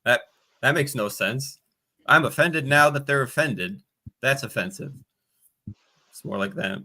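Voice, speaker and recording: A man's voice: mid-range voice, unhurried, bright, forceful tone. A man hosting an open-mic stream and chatting casually, joking with wry asides over a video call. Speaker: stream host. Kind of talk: casual chat.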